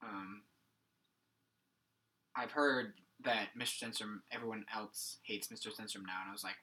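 A young man chatting on a podcast, often restarting his sentences and dropping casual swears. His tone is very bright and crisp at the top. He sounds relaxed and loose. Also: on the low side, moderate pace. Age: young adult. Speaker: podcast co-host. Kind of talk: casual chat.

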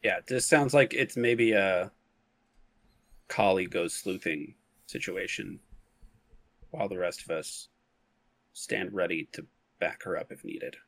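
A man's voice: low-pitched, slow pace, vocal fry, pauses often, fairly bright tone, dry recording. A man playing in a tabletop game, talking casually with frequent hesitations and restarts. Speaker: player.

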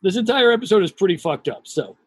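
Man, podcast co-host, husky and animated, quick wry remarks. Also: high-pitched, no room sound. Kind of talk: casual podcast chat.

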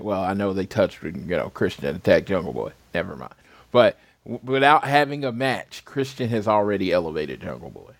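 A man's voice: mid-range voice, dry recording. A man co-hosting a wrestling podcast, talking casually and correcting himself as he thinks aloud. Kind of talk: casual show recap chat.

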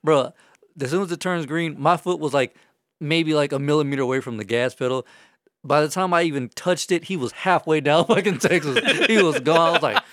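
A man's voice: a little high, a little fast, a bit bright, dry recording, clean studio sound. A young man in casual chat, telling rambling, profane stories among friends.

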